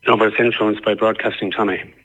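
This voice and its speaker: A man with an Irish accent calling in to a radio phone-in show, speaking earnestly and pausing with frequent ums. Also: fairly low pitch, little pitch movement, a bit bright, slightly rough, faint music behind. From Ireland. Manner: earnest, measured, hesitant with ums. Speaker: caller. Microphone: telephone. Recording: tinny phone line.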